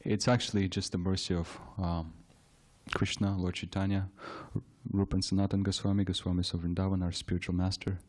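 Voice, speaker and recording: A man giving a temple scripture class, telling a story in a halting way, repeating words and laughing often. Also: low voice, little pitch movement, a little mellow. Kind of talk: anecdotal temple class talk.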